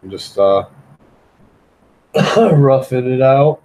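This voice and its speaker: A man's voice: mid-range voice, animated, very slow, a little mellow, low-quality recording. A man chatting loosely on a live stream while he draws, rambling and repeating himself in a frustrated way. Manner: rambling, repetitive, frustrated, keeps saying "man". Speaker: live-stream host drawing.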